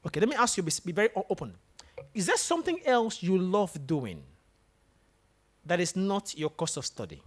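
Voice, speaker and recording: Lively, animated male motivational speaker. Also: sits high, normal speed, pauses often. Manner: animated, asks the room questions. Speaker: guest speaker. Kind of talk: motivational talk to students. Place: lecture room with an audience.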